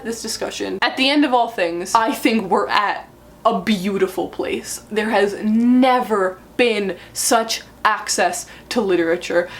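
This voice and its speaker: A young woman book vlogger talking casually to camera in an excitable, chatty way, in a room full of books. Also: a little high.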